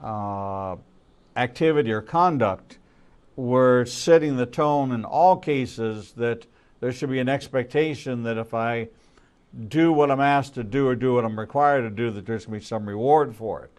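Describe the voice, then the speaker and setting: A man, a rabbi, hosting the interview and speaking in a measured way. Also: mid-range voice, a little mellow, clean tone. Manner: measured, deliberate. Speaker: rabbi host.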